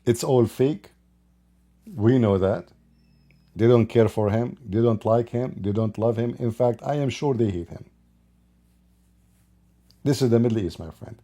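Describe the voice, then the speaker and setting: An online commentator delivers an opinionated monologue, emphatic and scornful, firing rhetorical questions in plain, broken grammar. His medium-pitched voice has a dark tone, and he speaks a little slowly with long pauses.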